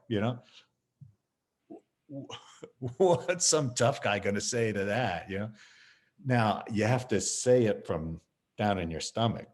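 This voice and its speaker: Man, martial arts teacher, guest, lively pitch, animated storytelling, video call. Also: takes it slowly, long pauses. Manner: animated storytelling, acting out scenes. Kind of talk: casual video-call chat.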